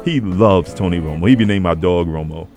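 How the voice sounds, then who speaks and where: A man hosting a radio show, chatting casually and telling animated stories with lots of laughter. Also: low voice, a little fast, music in the background. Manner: animated storyteller, laughs a lot. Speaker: radio host.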